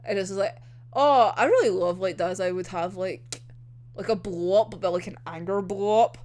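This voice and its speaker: A woman vlogger giving a casual anime episode reaction, excitable and sweary, often breaking into giggles. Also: medium pitch, normal speed.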